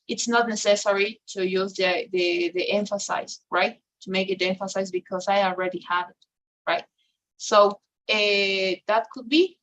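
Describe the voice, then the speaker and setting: A woman's voice: mid-range voice, bright, forceful tone, poor audio. A woman who is a native Spanish speaker teaching an English grammar lesson, explaining step by step and checking "right?" after nearly every phrase.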